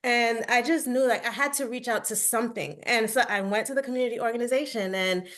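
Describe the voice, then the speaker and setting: A woman's voice: on the high side, quick pace, fairly bright tone. A woman speaking as a parent on a webinar panel, telling her story candidly with feeling and acting out quoted dialogue. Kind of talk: personal account on a webinar panel.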